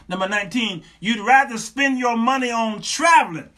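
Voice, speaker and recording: A middle-aged man hosting a talk show, giving sermon-like advice in an animated, joking, preacherly manner with lots of repetition. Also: extremely high pitch, normal speed, hardly any pauses.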